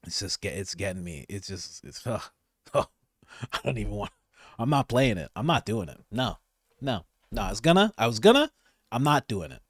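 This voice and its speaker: A man's voice: on the low side, sing-song, moderate pace, dry recording, studio quality. A man hosting a commentary channel, reacting to clips with frequent laughter and mocking disbelief. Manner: laughing often, incredulous and mocking.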